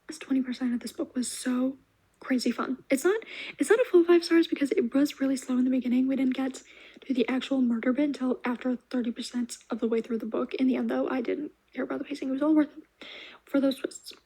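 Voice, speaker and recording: Fast-talking, high-voiced young woman reviewer. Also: breathy edge, low-quality recording. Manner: gushing and animated, drops into soft asides. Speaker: book reviewer. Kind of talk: casual reading wrap-up vlog.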